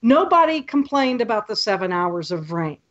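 A woman guest on a podcast, telling lively stories and acting out what people said. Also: mid-range voice, moderate pace, highs cut off. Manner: lively storyteller, acts out quotes. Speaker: podcast guest, photography tour leader. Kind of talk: casual podcast chat.

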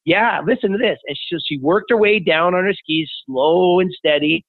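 A man's voice: sits high, moderate pace, dry recording. A man, a podcast guest, telling personal stories with enthusiasm. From Canada. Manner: enthusiastic anecdotal storyteller. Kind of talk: conversational interview. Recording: tinny phone-like remote line.

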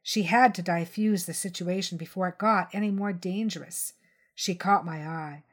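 A woman reading a crime short story aloud in first person, steady and tense. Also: lowish voice, normal speed. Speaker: story reader.

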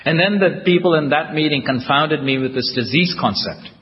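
A man's voice: a little high, moderate pace, a little hiss or hum. Guy telling his recovery story with dry self-mocking humor, long hall echo, kinda muffled old tape. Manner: self-deprecating, wry storytelling. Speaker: speaker at a recovery convention. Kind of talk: humorous personal recovery talk. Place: large hall with a live audience. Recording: echoey hall, dull lo-fi tape.

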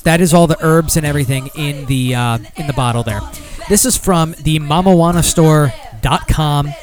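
A man's voice: fairly high pitch, moderate pace, faint music behind. A man hosting a podcast alone, rambling casually and swearing often while reading product copy aloud. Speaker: podcast host. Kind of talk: casual solo podcast talk.

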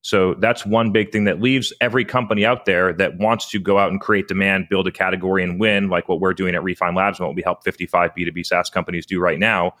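A man's voice: deep voice, steady tone, fast, hardly any pauses, fairly bright tone. A man who hosts a podcast and runs a marketing agency, explaining his view in a casual, businesslike, agreeable way.

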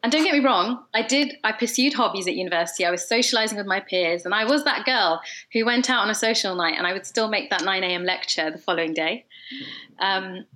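A woman's voice: medium pitch, fairly quick, bright, forceful tone. A woman in her thirties from London, a dentist, whose English accent now carries a slight Scottish twang, talking reflectively and earnestly in an interview. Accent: mix of English and Scottish. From London, England. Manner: reflective, earnest, many fillers. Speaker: dentist guest. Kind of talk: conversational interview.

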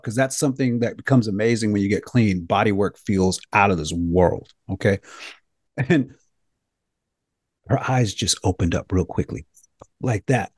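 A man hosting a health talk show, telling a funny story in a joking, animated way. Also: lowish voice, normal speed, slightly rough, no echo, studio quality. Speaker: host.

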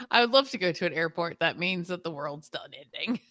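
Bright, playful woman co-hosting a stream. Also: on the low side, expressive, normal speed, no room sound, clean studio sound. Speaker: streamer co-host. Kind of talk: casual chat.

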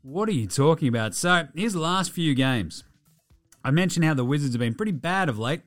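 Animated sweary sports podcaster. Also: male voice, on the high side, normal speed, faint music behind. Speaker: podcast host. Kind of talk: casual sports podcast recap.

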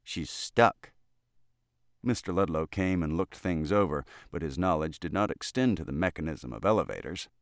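Deep-voiced male audiobook narrator. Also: no echo, clean studio sound. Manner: steady, measured storytelling. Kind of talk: classic short story reading.

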